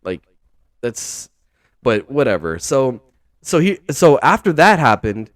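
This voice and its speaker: A man's voice: mid-range voice, big pitch swings, slow pace, no echo, studio quality. A man hosting a casual podcast, rambling and exasperated, with lots of filler words and slang. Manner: rambling, heavy use of "like", "dude" and "bro"; incredulous, exasperated. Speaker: podcast host.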